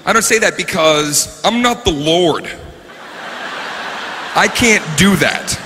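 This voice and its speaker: A man performing a stand-up comedy set, animated and breaking into shouts, recorded live on stage. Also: high-pitched, slow pace, music in the background. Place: comedy stage before an audience. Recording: live show recording, reverberant hall, faint room noise.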